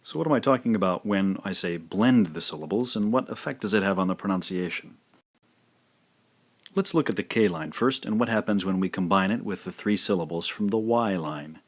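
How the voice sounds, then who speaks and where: A man giving a scripted language lesson, speaking slowly and carefully and repeating each sound. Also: sits low. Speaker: language teacher.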